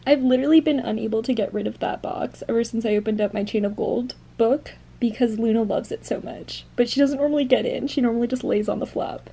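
Chatty woman, high voice. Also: fast talker, vocal fry, hardly any pauses, warm tone, a little hiss or hum. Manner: chatty, filler-heavy, lots of "like". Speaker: book vlogger. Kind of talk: casual vlog chat. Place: at home.

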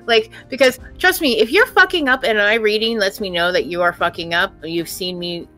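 A woman's voice: mid-range voice, normal speed, sharp tone, soft background music. A middle-aged woman co-hosting a casual podcast, talking bluntly and profanely as a tarot reader.

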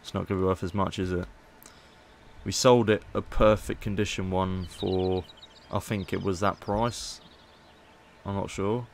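A man's voice: sits low, steady tone, unhurried, creaky, slight background noise. A man casually commentating gameplay as a YouTuber, chatty and playful. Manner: chatty, playful, haggling asides. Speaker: gaming YouTuber.

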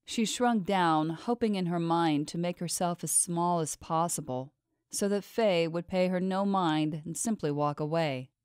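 A woman's voice: lowish voice, unhurried, smooth, dry recording. Woman narrating a novel, dry close sound. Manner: steady, even storytelling. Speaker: audiobook narrator. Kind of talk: scripted audiobook narration.

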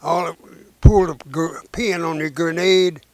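A man, a war veteran and preacher telling his memories slowly and haltingly in an interview, in folksy rural speech. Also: a little high, fairly even intonation, darkish tone. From Arkansas, United States. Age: 90s. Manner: slow, halting storytelling with many "uh"s and restarts.

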